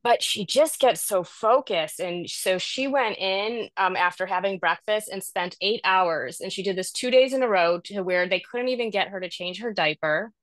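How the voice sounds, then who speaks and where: A woman's voice: mid-range voice, moderate pace, few pauses, no room sound. A middle-aged woman on a video call, telling a rambling, self-deprecating story about caring for her mother. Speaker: caregiver sharing in a support group. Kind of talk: candid personal story in a video call group.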